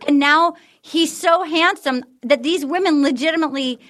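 Brash lady hosting a chat podcast, high voice, swears a lot, laughs. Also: normal speed, a bit bright. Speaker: podcast host. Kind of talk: casual chat.

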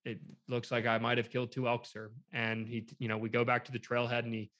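A man casually telling a long hunting story, rambling and animated, acting out what others said, still shaken by what happened. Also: medium pitch, fairly quick. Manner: rambling, animated retelling with quoted dialogue. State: shaken, emotional.

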